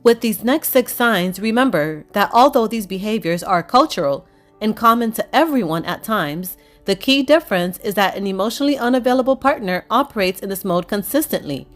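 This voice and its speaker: A woman narrates relationship advice from a script at an ordinary mid pitch. Her delivery is measured and explanatory. Faint music plays softly behind her voice. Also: expressive. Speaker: relationship coach.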